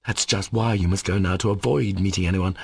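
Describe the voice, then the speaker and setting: A man's voice: sits low, steady tone, brisk, creaky, husky, no room sound, exaggerated voice. A man doing an emphatic, pleading young man. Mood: insistent. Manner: emphatic, urgent. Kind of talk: audiobook character voice.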